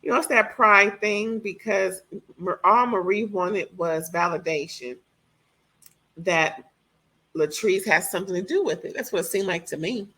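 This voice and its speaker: A woman reviewing a reality TV reunion in casual chat, animated and opinionated, swearing freely. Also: mid-range voice, a little slow, breathy edge.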